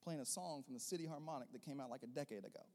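A man preaching a sermon as a pastor, rising into loud emphatic bursts and then dropping into softer, quieter teaching. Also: medium pitch, racing, long reverb tail.

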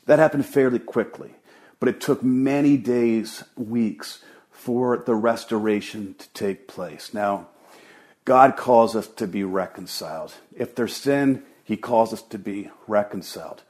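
A man's voice: fairly low pitch, a little slow, a little mellow. A middle-aged man preaching a sermon as pastor, earnest and emphatic, often repeating words for stress.

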